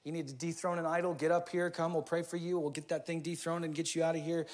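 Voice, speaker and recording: A man in his thirties preaching a sermon in a church, casual and energetic, with slang. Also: fairly high pitch, quick pace. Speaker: pastor.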